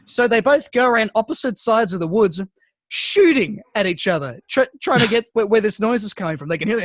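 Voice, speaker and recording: Animated and fairly quick, this high-voiced podcast co-host swears a lot and keeps restarting as he rambles through casual stories. The studio-quality recording has no echo.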